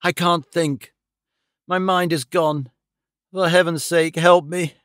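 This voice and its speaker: A man voicing a male detective pretending to be dying, speaking faintly and slowly with gasps. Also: on the high side, fairly even intonation, a bit bright, no room sound, clean studio sound. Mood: feeble. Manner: faint, gasping, slow.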